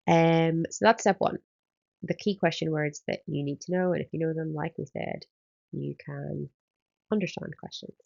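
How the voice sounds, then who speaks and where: Lady teacher going thru exam prep, bit of vocal fry, lo-fi sounding. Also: sits low, fairly even intonation, moderate pace, darkish tone. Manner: explains step by step, often starting with um. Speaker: Spanish teacher. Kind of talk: recorded exam-prep lesson.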